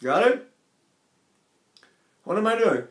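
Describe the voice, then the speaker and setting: A man's voice: high-pitched, big pitch swings, takes it slowly. Older male voice teacher, echoey room. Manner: demonstrates with sung vowels and asks rhetorical questions. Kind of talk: vocal technique lesson.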